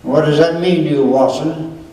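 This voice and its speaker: A man's voice: fairly high pitch, fairly even intonation, moderate pace, dark tone, lightly acted. A man doing a self-assured, probing detective. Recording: echoey hall, distant mic.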